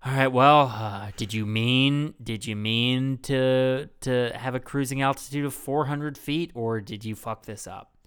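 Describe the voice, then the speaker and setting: Man doing a snarky swearing air controller, clear-voiced. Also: medium pitch, a little slow, a bit bright, lightly acted. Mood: sarcastic. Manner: crude, sarcastic, swearing. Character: rude, snarky male American air traffic controller.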